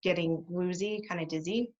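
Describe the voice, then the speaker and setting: A middle-aged woman, a guest behaviour specialist, telling her stories in an animated way and laughing often. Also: on the low side, normal speed. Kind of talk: conversational interview. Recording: dull lo-fi sound.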